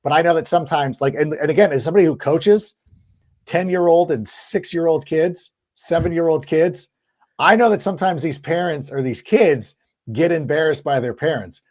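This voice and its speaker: A man hosting a sports podcast in casual chat, talking in an animated, quick way. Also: on the high side. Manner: animated, quick, acts out quoted lines. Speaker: podcast host.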